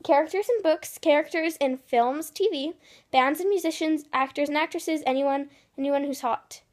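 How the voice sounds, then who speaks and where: A woman's voice: sits high, moderate pace. A teenage girl vlogging casually about her day and reading quiz questions aloud in a chatty way. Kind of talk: casual vlog narration.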